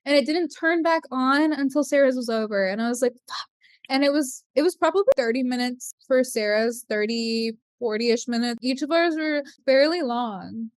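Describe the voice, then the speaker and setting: A young adult woman hosting a podcast, telling a story in casual chat and acting out the quoted voices with big leaps in pitch. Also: moderate pace, hardly any pauses, dry recording, clean studio sound. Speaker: podcast host.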